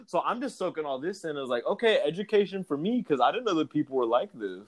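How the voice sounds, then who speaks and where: A man's voice: a little high, big pitch swings, fairly quick. A young man co-hosting a podcast, chatting candidly and profanely, laughing often. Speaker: podcast co-host. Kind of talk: casual chat.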